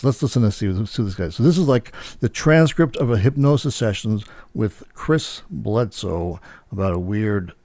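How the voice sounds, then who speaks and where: A man's voice: fairly low pitch, animated, normal speed, few pauses, mellow, no echo. A man hosting, chatting casually and rambling with many fillers as he searches for words. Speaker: host. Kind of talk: casual chat.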